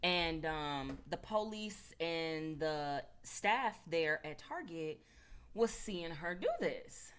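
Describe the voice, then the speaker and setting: A woman's voice: sits low, animated, slow pace, clean tone. A woman giving a casual spiritual talk, telling stories in a loose, chatty way full of fillers. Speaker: spiritual speaker.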